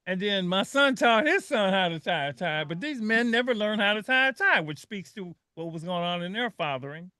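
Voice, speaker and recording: An older man with a high, bright voice, hosting a radio talk show. He speaks earnestly and with feeling, often stopping to restart a phrase. The sound is close and dry. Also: animated, moderate pace, few pauses, no echo. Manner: emotional, earnest storytelling with frequent restarts.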